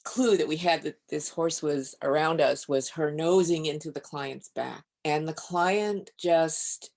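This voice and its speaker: A physician and author, appearing as a guest on a podcast interview, tells stories calmly and measuredly. Her voice sits low and sounds gravelly.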